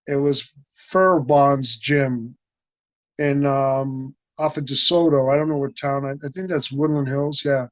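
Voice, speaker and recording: His voice is a little high and he takes things slowly. Being interviewed, this martial arts actor tells casual, rambling stories with plenty of animation, acting out the voices he quotes. The lo-fi recording sounds dry and muffled.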